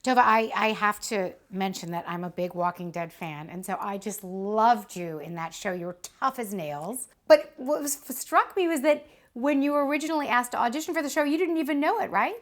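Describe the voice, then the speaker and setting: Female TV host, eager and admiring, slightly high voice. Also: brisk, hardly any pauses. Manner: enthusiastic, admiring questions. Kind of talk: TV book interview. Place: TV studio.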